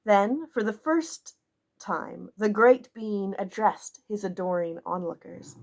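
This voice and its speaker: A woman narrating a classic novel in a measured, expressive way. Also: medium pitch, creaky. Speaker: audiobook narrator.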